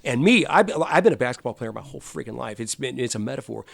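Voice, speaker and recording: A middle-aged male musician tells stories in a relaxed interview, and his voice has a gravelly edge. He gets lively and acts out the people he quotes. The sound is close and dry, with no room echo. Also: mid-range voice, fast talker, hardly any pauses. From Los Angeles. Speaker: guest musician. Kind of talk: casual storytelling interview.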